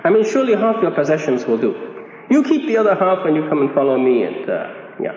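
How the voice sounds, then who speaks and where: A preacher voicing a reluctant listener who protests and bargains to water down a hard demand, in a coaxing, half-laughing way. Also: male voice, fairly high pitch, sing-song, fast, darkish tone, a little hiss or hum. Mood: bargaining. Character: reluctant man bargaining to soften God's demand. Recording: echoey hall, dull sound.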